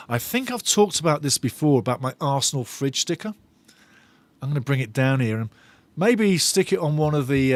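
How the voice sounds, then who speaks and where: During a live football watch-along, a male fan host reads the viewers' chat aloud, enthusiastic and prone to repeating his phrases. His voice is a little high, recorded dry.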